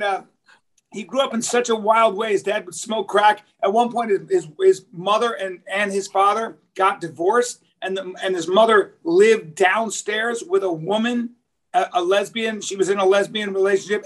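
A man's voice: high-pitched, fairly even intonation, normal speed. A man co-hosting a podcast who tells casual comic stories in a profane, rambling way and often restarts his sentences. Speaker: podcast co-host. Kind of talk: casual comedic storytelling.

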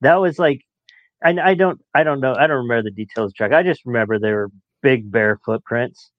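A man's voice: mid-range voice, a little fast, dry recording. Chatty storytelling man, muffled dry sound. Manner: chatty, laughs while telling stories. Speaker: guest. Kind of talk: casual storytelling.

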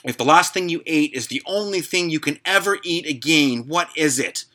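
A man's voice: fairly high pitch, animated, moderate pace, bright, forceful tone. A man hosting a podcast, ranting casually and sarcastically with plenty of swearing. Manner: profane, sarcastic, grumbling. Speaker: podcast host.

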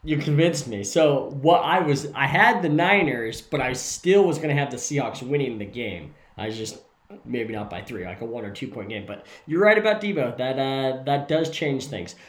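A man talking through his sports picks in an easy, unhurried way, pausing with frequent fillers. His voice sits mid-range. The recording has a roomy echo. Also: mid-range voice. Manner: relaxed, thinking aloud with many uh fillers. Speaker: podcast co-host making game picks. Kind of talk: casual sports-betting chat. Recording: echoey room.

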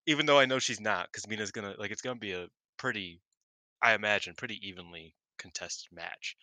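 An excitable man in casual podcast chat, swearing freely and acting out quotes in quick bursts. His voice sits low but sounds very bright and sharp. The recording is close and dry. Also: no echo, poor audio. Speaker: podcast co-host. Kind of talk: casual wrestling review chat.

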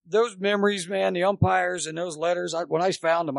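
Speaking a little fast, the older former college baseball coach, now a podcast guest, has a gravelly, slightly high voice. The sound is dry and close, without room or echo, as he tells long, lively stories in casual conversation, voicing each person in the exchanges.

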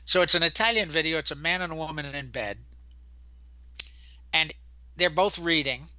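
An older man co-hosting a casual chat, talking earnestly and telling stories in a measured way. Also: on the high side, bright, forceful tone, no echo. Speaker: co-host.

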